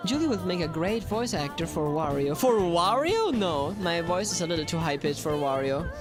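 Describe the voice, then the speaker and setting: A woman, a game streamer chatting playfully with viewers and repeating herself in excitement. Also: fairly low pitch, normal speed, music in the background. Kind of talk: live-stream chat answering viewers.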